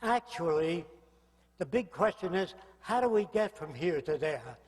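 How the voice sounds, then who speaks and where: An older man delivers a public lecture in a blunt, provocative way, often pausing to ask his listeners whether they follow. His voice sits high for a man. Long reverb from the hall trails behind his words. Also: animated, a little mellow.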